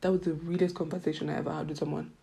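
A young woman from Kenya with a Kenyan accent, telling personal stories in a casual, animated way and acting out her own reactions. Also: low voice, racing, gravelly. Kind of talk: casual storytelling.

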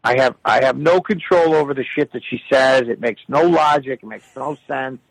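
A man telling rambling comic stories in a casual, profane, animated way. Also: mid-range voice, moderate pace, gravelly, no room sound, poor audio. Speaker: regular of the show. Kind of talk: casual comedic storytelling.

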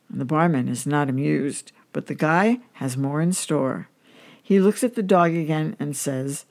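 A woman's voice: low voice, unhurried, vocal fry, a little mellow. A woman hosting a podcast, telling dog jokes in a chatty, amused way. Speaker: host.

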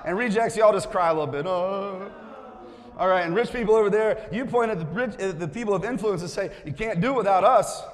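A man preaching as a pastor, coaxing his congregation to join in, then turning earnest. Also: high-pitched. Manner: playful, coaxing the crowd, then earnest and quiet. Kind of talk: sermon with audience participation. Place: church sanctuary. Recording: long hall reverb.

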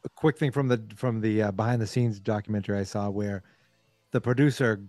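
A man co-hosting a podcast, telling excited anecdotes and imitating the people in them. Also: fairly low pitch, a little fast, no room sound, faint music behind. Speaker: podcast host. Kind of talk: casual chat.

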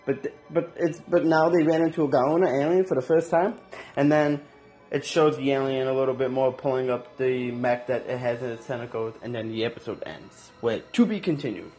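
A man casually reviewing an anime episode in loose, slangy talk, with lots of restarts and animated reactions. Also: medium pitch, brisk, soft background music.

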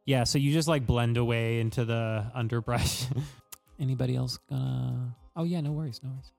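A man's voice: medium pitch, steady tone, normal speed, gravelly, darkish tone, faint music behind. A man narrating as game master of a tabletop game, describing scenes casually with frequent restarts.

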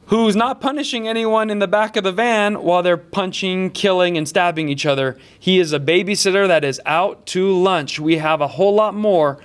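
A man's voice: sits high, clear, resonant tone. A man hosting a comedic political talk show, with sarcastic, mocking riffs. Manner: sarcastic, mocking, riffs quickly between topics.

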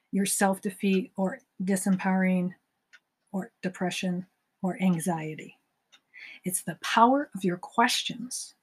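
A woman's voice: mid-range voice, breathy edge. A woman hosting a self-help podcast, giving a motivational talk and acting out imagined conversations. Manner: acts out imagined dialogues in lively voices.

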